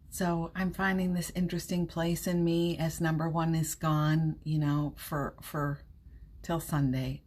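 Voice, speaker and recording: A woman hosting a casual live stream, chatty, laughing often and reassuring her viewers, with a runny nose. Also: deep voice. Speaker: livestream host.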